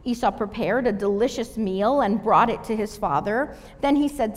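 A woman with a high, light voice reads a Bible passage and then explains it in a steady, measured way. Her words carry a long reverb, as in a large hall. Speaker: Bible teacher. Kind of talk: scripture reading and sermon.

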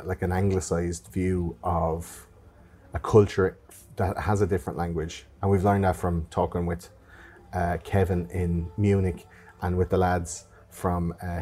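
A man's voice: low voice, flat delivery, measured pace, dark tone, husky. A man hosting a podcast, chatting loosely with sarcastic jokes and swearing. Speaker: podcast host. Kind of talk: casual podcast chat.

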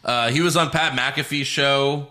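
A man hosting a casual podcast chat, recapping events, swearing freely and breaking into quick impressions. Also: mid-range voice, fairly even intonation, sharp tone. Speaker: podcast host.

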